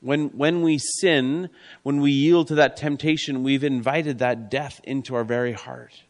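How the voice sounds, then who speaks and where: Guy preaching a sermon, earnest, says stuff twice, goes real quiet sometimes, mid pitch. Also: steady tone, a little slow. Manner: earnest, repeats key phrases, drops to a soft hush.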